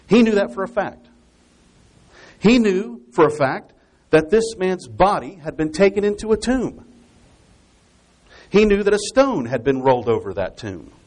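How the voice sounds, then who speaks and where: A male preacher works through a Bible passage in an expository sermon. His voice swings widely in pitch as he stresses and repeats his key points. He explains each detail carefully, step by step. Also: darkish tone. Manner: emphatic, repeats key phrases for effect.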